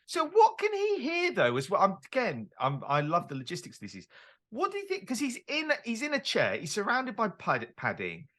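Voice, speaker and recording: A man's voice: high voice, wildly swooping pitch, moderate pace, a bit bright. A man hosting a comedy news podcast, chatting animatedly, laughing often and slipping into silly put-on voices. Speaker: podcast host. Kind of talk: comedy news panel chat.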